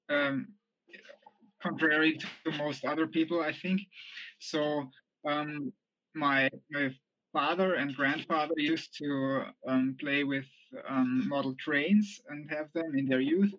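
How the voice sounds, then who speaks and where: Austrian man, slightly high, dry lo-fi sound. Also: fairly bright tone, no echo. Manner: measured, hesitant with many ums. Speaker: guest, aerobatics model pilot. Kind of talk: casual podcast interview.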